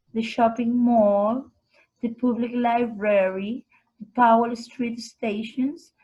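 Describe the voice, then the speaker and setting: Woman teacher, fairly high voice, slow repeat-after-me drills, clear enunciation. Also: darkish tone, highs cut off. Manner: models each word twice, slow and clearly enunciated. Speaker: English teacher. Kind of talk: slow vocabulary lesson with repetition drills.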